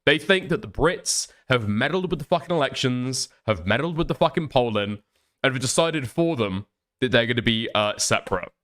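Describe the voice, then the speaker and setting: A man's voice: medium pitch, lively intonation, normal speed, a bit bright. An Irish man streaming live while ill with the flu, reading chat and ranting with lots of swearing and laughter. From Ireland. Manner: profane, ranting, laughing often.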